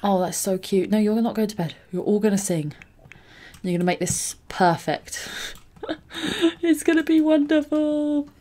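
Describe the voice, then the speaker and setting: A young woman with a mid-range, dark-toned voice speaks unhurriedly, giving casual, chatty commentary as she plays a life-simulation game for her gaming channel. She giggles often and coos over cute moments.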